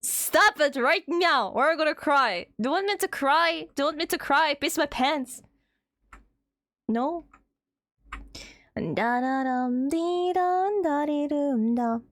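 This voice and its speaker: A woman streaming live, chatting with her audience in an excitable way, swearing and playfully shouting at chat. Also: sits high, a little slow, no echo. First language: Russian. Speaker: VTuber streamer.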